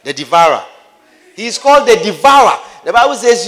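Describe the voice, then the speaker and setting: Male preacher with a high voice and a repetitive, scene-painting style, recorded in a hall with a long echo tail. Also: big pitch swings, brisk, bright, forceful tone. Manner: acts out scenes, repeats phrases for emphasis. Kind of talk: sermon.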